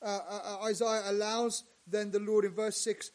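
A male pastor preaching a sermon, dropping to hushed lines and rising to loud, emphatic ones. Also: high voice, little pitch movement, normal speed.

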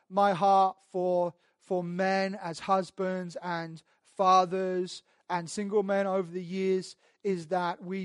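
A man preaching a sermon as a pastor, emphatic and repetitive, swelling louder as he drives his points home. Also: high-pitched, no room sound, clean studio sound.

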